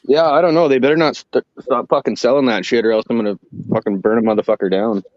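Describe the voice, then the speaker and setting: A man's voice: medium pitch, quick pace, no room sound. A man in casual chat, telling stories with a lot of swearing. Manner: profane, animated storyteller. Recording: dull, dry lo-fi audio.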